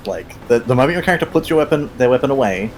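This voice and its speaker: A man's voice: mid-range voice, animated, rapid-fire, darkish tone. A man chatting casually with a friend while gaming, making dry, wry remarks. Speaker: gaming partner. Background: game music.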